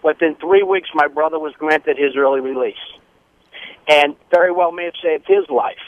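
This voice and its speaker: A man's voice: a little high, normal speed, dry recording, phone-quality sound. A man calling in with a fluent, heartfelt story. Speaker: caller. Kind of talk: phone-in tribute.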